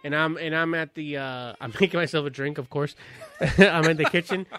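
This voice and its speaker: Profane, animated man telling a story. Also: on the high side, normal speed, smooth. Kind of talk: casual chat.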